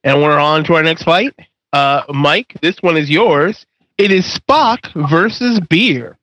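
A man's voice: fairly high pitch, takes it slowly, bright, forceful tone, no echo, low-quality recording. A man hosting a casual podcast panel, joking as he announces the votes. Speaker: host.

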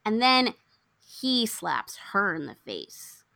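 A young woman casually recapping a film plot, acting out the characters' lines with lively swings. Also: mid-range voice, slow pace, creaky, dry recording. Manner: animated storyteller, acts out characters' lines. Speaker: podcast co-host recapping a film. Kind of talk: casual chat.

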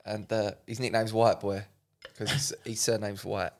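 A man's voice: lowish voice, little pitch movement, vocal fry. A young man from Essex, a comedian guest on a podcast, talking earnestly and restarting his words often. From Essex, England. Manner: halting, repeats words, earnest. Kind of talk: casual comedy chat.

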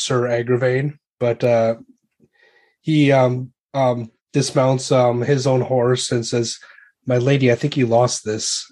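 A man's voice: mid-range voice, darkish tone. A man narrating as game master in a tabletop role-playing game, loose and full of hesitations.

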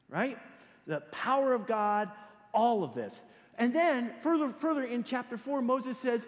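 Animated high-pitched male preacher, echoey hall. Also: measured pace. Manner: animated, joking, repeats words when starting sentences. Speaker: pastor. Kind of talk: sermon.

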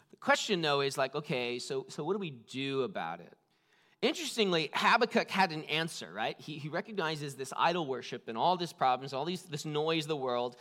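A man's voice: mid-range voice, fairly bright tone. A man preaching a conversational sermon, full of "like" fillers and shifting emphasis. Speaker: pastor.

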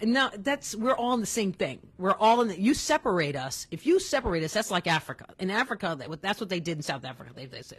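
A woman co-hosting a casual podcast, telling stories in an animated, emphatic way with many restarts. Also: medium pitch, fast, hardly any pauses, slightly rough. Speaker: podcast co-host. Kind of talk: casual conversational podcast chat. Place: Los Angeles.

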